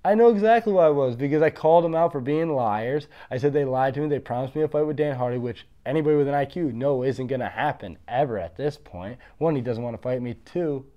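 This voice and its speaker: A man's voice: mid-range voice, quick pace, hardly any pauses, lo-fi sound. Blunt, boastful man in his thirties. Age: 30s. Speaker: interview guest, former fighter. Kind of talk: casual interview storytelling.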